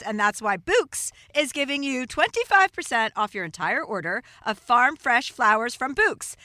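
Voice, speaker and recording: A woman's voice: on the high side, sharp tone, no echo, studio quality. A woman reading a scripted ad in an upbeat, persuasive way. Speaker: ad reader. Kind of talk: scripted ad read.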